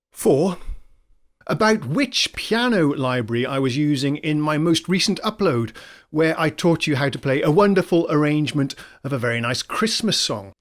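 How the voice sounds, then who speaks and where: A man hosting a piano channel, talking casually to camera about his software in a chatty, self-mocking way. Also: on the high side.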